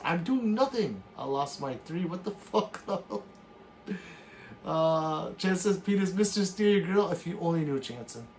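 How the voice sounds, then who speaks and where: A man hosts a late-night livestream, reading viewers' messages aloud and firing back jokes. His voice sits a bit high and swings widely in pitch. A faint background hiss runs under the recording. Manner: animated, bursts into laughs and shouts. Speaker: livestream host reading chat. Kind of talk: casual late-night stream chat.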